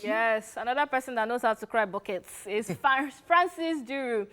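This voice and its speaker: A woman's voice: a little high, moderate pace, a crowd in the background. A Nigerian woman co-hosting a TV entertainment show, bantering in a chatty way and laughing often. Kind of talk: lively studio banter.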